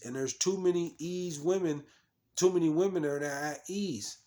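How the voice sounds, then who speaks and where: A man's voice: on the high side, normal speed, a little mellow. A man preaching, reading scripture and commenting on it in a scolding, repetitive way, stumbling over restarts and fillers.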